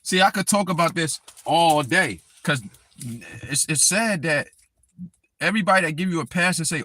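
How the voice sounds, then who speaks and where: Bright and forceful, a slightly high-pitched male voice rants with animation at a moderate pace during a heated live stream, speaking directly to the target of his anger.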